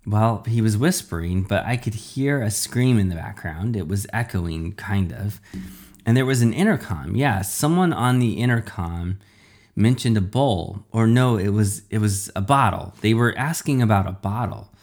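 A man's voice: fairly low pitch, lively intonation, normal speed, a little mellow. A man voicing a young boy who is a living slice of pizza, eager and worried, in a storybook reading.

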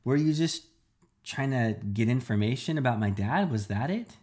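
A man's voice: medium pitch, expressive, normal speed, darkish tone, voice pushed up, natural voice. A man reading a storybook aloud, voicing a hurt young boy defending his father. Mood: upset. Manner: upset, protesting.

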